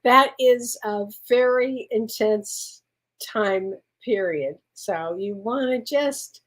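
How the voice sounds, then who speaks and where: A woman's voice: on the high side, slow pace. A woman working as a spiritual medium, answering viewer questions on a live stream in an effusive way and calling people honey. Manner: warm, effusive, laughs often, calls people honey.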